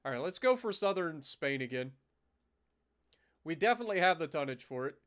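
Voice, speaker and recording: A man thinking aloud in casual commentary on a live strategy game, his throat a little rough and often cleared, with the odd curse. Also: on the high side, sing-song, a little fast, a bit bright. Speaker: game streamer.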